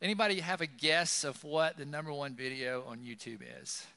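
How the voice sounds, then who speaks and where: A man's voice: fairly high pitch, brisk, sharp tone, big-room sound. A man preaching a sermon in a conversational style, with many fillers, in a church. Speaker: pastor. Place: church sanctuary.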